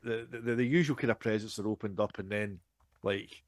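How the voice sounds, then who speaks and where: A man's voice: fairly low pitch, brisk, no echo. Man in his forties, close dry mic. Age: 40s. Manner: animated, self-deprecating, frequent restarts and laughter. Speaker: podcast co-host. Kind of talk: casual storytelling chat.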